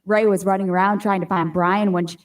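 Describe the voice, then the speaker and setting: A woman co-hosting a radio morning show, reading her own spooky story in a steady, dramatic way. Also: medium pitch, fairly quick, dry recording, clean studio sound.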